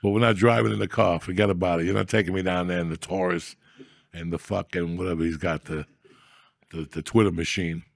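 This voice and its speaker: Gravelly, husky middle-aged man, profane rambler. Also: low voice, steady tone, brisk, dry recording, studio quality. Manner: profane, rambling, mock-gruff. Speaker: podcast host. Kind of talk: casual comedic rant.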